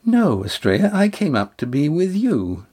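A man voicing a gentle, coaxing young woman. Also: on the high side, huge pitch swings, moderate pace, husky, pitched above the performer's own voice, full character voice. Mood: tender. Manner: reassuring, coaxing. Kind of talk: audiobook character voice.

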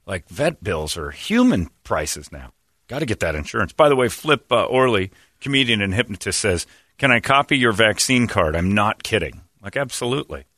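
A man's voice: fairly low pitch, very animated, normal speed, sharp tone, dry recording, clean studio sound. A man hosting a talk show, joking around and laughing as he butchers mock Spanish phrases. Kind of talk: casual comedic banter.

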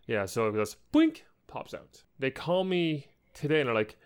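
A man's voice: fairly high pitch, huge pitch swings, normal speed, hardly any pauses. A young man co-hosting a podcast, telling an angry story in a casual chat and acting out the people he quotes. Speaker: podcast co-host.

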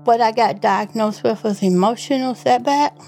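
A woman telling her own story in an interview, halting and repeating herself. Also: on the high side, darkish tone, faint music behind. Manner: halting, many fillers and repeats. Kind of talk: personal recollection.

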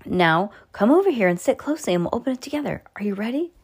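A woman reading the part of an excitable, sly old grandfather in a whispery, eager voice. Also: medium pitch, quick pace, breathy edge.

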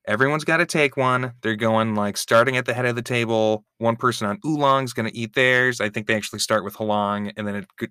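A man's voice: lowish voice, bright, forceful tone, clear, resonant tone, no room sound, studio quality. A man co-hosting a podcast, chatting wryly about a reality show. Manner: chatty, wry, lots of fillers. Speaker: podcast co-host. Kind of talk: casual chat recap.

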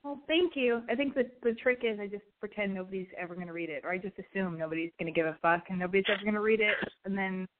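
A woman's voice: medium pitch, quick pace, few pauses. A woman hosting a call-in podcast, brash, chatty and profane, with a slight lisp and allergy congestion. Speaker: call-in show host. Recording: tinny phone-quality sound.

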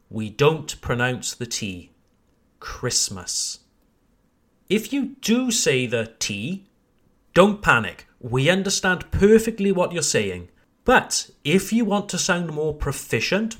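A man with a British accent teaching English pronunciation on a podcast, encouraging and repeating each word slowly for learners. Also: fairly high pitch, fairly bright tone. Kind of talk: podcast lesson.

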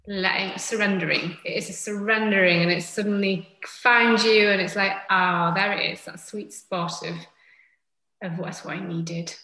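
Bright-voiced woman, gentle. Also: medium pitch, normal speed, roomy sound, rough recording. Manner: gentle, reflective, with soft fillers. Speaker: podcast guest, yoga teacher. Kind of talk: casual conversation.

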